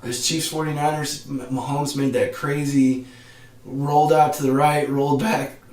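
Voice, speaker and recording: A man in the middle of the pitch range hosts a casual live podcast stream. He talks in an excitable, slangy way and laughs often. His voice rings a little in a roomy space. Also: normal speed. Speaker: podcast host. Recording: roomy echo.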